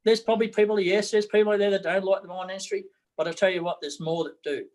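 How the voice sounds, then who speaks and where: A man's voice: sits high, steady tone, fast, poor audio. A middle-aged man with an Australian accent, a political candidate talking bluntly in an interview, repeating his words as he goes.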